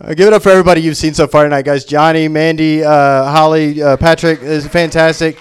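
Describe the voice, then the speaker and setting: A man's voice: fairly high pitch, steady tone, quick pace, clear, resonant tone. A man from Memphis doing a self-deprecating, rambling stand-up set in a shop venue. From Memphis, Tennessee. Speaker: stand-up comic. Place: comic book shop venue.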